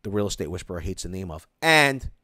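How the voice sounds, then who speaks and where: A man hosting a casual live stream, reading viewer comments aloud and ranting about them in an animated way. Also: deep voice, fast talker, dry recording, clean studio sound.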